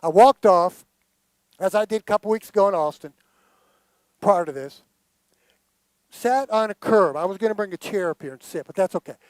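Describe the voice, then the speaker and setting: High-voiced emotional older man telling stories. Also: normal speed, long pauses, no echo, low-quality recording. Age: late 60s. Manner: emotional, earnest, addresses audience directly. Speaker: guest speaker. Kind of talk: personal storytelling talk. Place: hall of a gathering.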